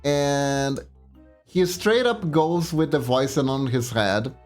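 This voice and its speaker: A man chatting casually on a livestream, telling a story in a rambling, animated way. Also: medium pitch, slow, faint music behind. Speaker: streamer.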